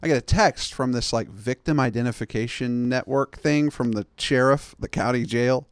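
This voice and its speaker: A man's voice: medium pitch, moderate pace, clean tone, no echo, studio quality. A man hosting a podcast, telling a story in a chatty, sarcastic way and acting out the other people in it. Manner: chatty, sarcastic, acts out every character in the story. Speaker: podcast host. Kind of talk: casual comedic storytelling monologue.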